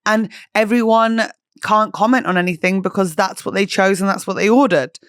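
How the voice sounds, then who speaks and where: A woman chats casually as a podcast host, poking fun at herself and swearing freely. Her voice sits at an ordinary middle pitch and is recorded close and dry, with no room echo. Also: fairly even intonation, moderate pace. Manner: chatty, self-mocking, jokey, swears freely. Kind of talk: casual chat.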